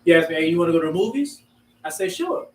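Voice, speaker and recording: A man with a high voice talks quickly in a group chat, telling stories and voicing the people he quotes. He is away from the mic in an echoey room with a faint hum of ambience behind him. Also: lively intonation, far from the mic. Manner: quick, storytelling, acts out quoted lines. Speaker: discussion participant. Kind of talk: group discussion.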